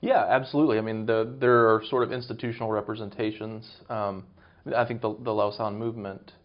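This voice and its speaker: A man speaking as an interview guest, measured and academic, thinking aloud as he explains. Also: fairly low pitch, steady tone. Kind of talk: conversational interview. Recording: dull lo-fi recording.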